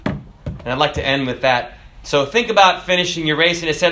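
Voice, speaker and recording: Preacher, male, bright ringing voice, recites lyrics, builds to fervent shouts, echoey room. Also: fairly high pitch, moderate pace. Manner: rises to shouting fervor, recites lyrics with rhythm. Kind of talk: sermon.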